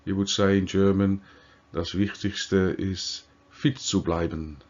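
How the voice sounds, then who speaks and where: Teacher, male, native Dutch speaker: slow, deliberate explainer, lowish voice, dull lo-fi sound. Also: fairly even intonation, darkish tone. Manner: slow, deliberate, with fillers and self-corrections. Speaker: language teacher. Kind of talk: slow explanatory grammar lesson. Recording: dull lo-fi recording.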